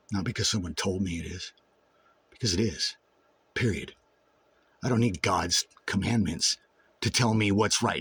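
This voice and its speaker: A man giving a raw personal monologue to camera, intense and full of swearing, dropping low and brooding, then rising to shouts. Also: slightly rough, no echo. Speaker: vlogger.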